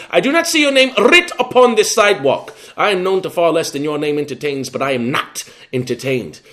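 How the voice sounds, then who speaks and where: A man's voice: mid-range voice, fairly bright tone, natural voice. A man voicing a defiant, grandiose young male poet in an English accent, declaiming proudly. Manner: declamatory, proclaiming.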